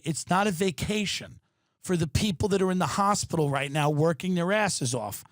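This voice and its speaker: Brief: male comic host, fairly high voice, profane animated rant, dry close sound. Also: moderate pace, no echo. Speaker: podcast host. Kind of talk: ranting comedic monologue. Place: his apartment.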